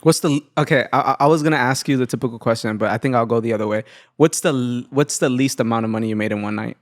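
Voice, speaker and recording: A man's voice: mid-range voice, fast talker, no echo, studio quality. A young man hosting a casual podcast interview, telling stories and acting out quotes with a raised voice. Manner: animated storyteller, acts out quotes in a raised voice. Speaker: podcast host. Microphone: studio microphone.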